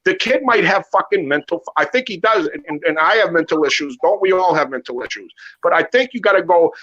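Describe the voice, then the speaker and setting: A man's voice: a little high, expressive, brisk, sharp tone. A man ranting in casual chat about a fighter, profane, fired-up and rambling. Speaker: guest on boxing talk show. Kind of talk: heated casual rant. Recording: dull lo-fi audio.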